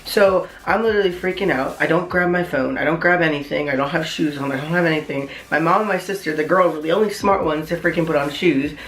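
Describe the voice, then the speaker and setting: A man's voice: fairly high pitch, fast, few pauses. Rambling young man in an echoey room. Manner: rambling, heavy on "like", excitable retelling. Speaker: vlogger. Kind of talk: casual storytime vlog.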